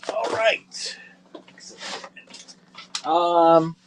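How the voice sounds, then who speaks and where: A man's voice: on the high side, noisy background. Chatty man running a live toy auction. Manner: chatty, self-correcting, quick asides to viewers. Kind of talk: casual live auction patter.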